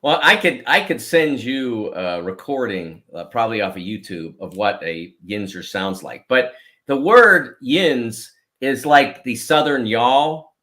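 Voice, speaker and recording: A sports writer who grew up around Pittsburgh chats casually as a guest on a radio show, explaining things with many stammered repeats. His voice is medium in pitch and sharp in tone, expressive, and unhurried.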